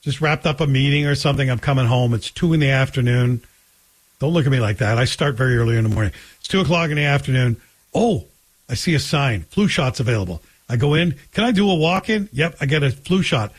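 A man's voice: mid-range voice, quick pace, slightly rough. A middle-aged man hosting a talk radio show, telling stories in a joking, conversational way. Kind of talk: casual monologue.

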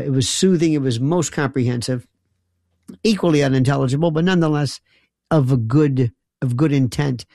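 A man hosts a late-night call-in radio show. He rambles in a wry, sarcastic way, his voice gravelly with fry. The studio sound is close and dry. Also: a little high, mellow, dry recording. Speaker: radio talk show host.

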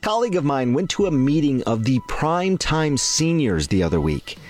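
A man, a doctor, delivers a scripted health segment with calm encouragement. His intonation rises and falls in a lively way, and soft music plays underneath. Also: fairly high pitch, normal speed.

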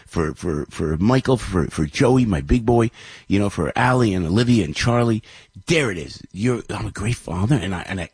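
A man tells a sentimental, rambling story from the host's chair. His voice sits low and is a bit husky. It is recorded close and dry. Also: dry recording. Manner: rambling, emotional, many restarts. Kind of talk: casual storytelling monologue.

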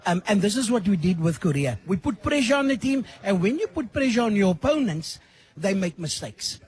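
A hoarse man with a lost voice, a studio guest speaking enthusiastically on radio. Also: high voice, sing-song, brisk, darkish tone. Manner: enthusiastic, emphatic. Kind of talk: radio interview.

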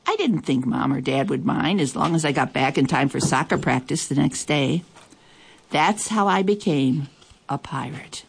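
A woman reading a children's story aloud in a lively, expressive way. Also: low-pitched, moderate pace, gravelly, breathy edge. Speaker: storybook reader.

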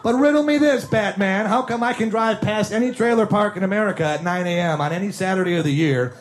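A man's voice: high voice, fast. A man doing a stand-up comedy set, rattling off mocking riffs and long lists. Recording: live club with crowd and noise.

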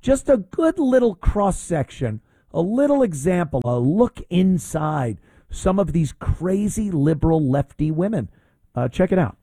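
A man's voice: high voice, sing-song, a little slow, dark tone, no room sound. A man hosting his own talk show, delivering an opinionated monologue in a mocking, rambling way with many fillers.

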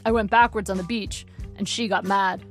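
A woman voicing an older father who talks in a halting, muddled way and repeats words. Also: high voice, fairly even intonation, a bit bright, soft background music. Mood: cheerful.

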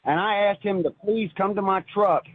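An earnest male caller speaks through a thin, phone-like line. His voice sits a bit high and sounds slightly husky. He halts and restarts often as he tells his story. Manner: earnest, halting, many restarts. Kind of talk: phoned-in personal testimony.

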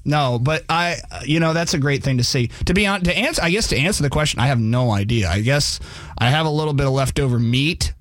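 A man's voice: medium pitch, brisk, fairly bright tone, dry recording, clean studio sound. A man co-hosting a sports radio show, rambling and joking in casual banter, restarting his sentences often.

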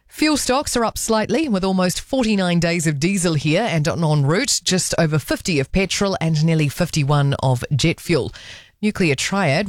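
A woman with a New Zealand accent reading radio news headlines in a brisk, crisp delivery. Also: lowish voice, dry recording, studio quality. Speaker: news reader.

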